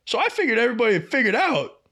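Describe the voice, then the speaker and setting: An animated young adult man tells a story in a casual chat as a podcast co-host, racing along. He swears and acts out quoted lines with big jumps in pitch.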